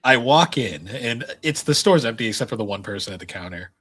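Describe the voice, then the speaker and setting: Young male co-host, husky voice, laid-back and profane. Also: mid-range voice, expressive, a little fast, a bit bright. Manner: laid-back, swearing, laughing through stories. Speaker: podcast co-host. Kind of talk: casual chat, storytelling.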